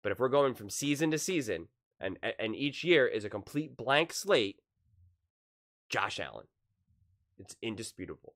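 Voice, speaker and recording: A man with a somewhat low voice talks straight to camera about sports as the host of his own channel. He is impassioned and casual, repeating words for emphasis and stumbling into restarts as he makes his case. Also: sing-song, moderate pace, a bit bright. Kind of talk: casual opinion commentary to camera.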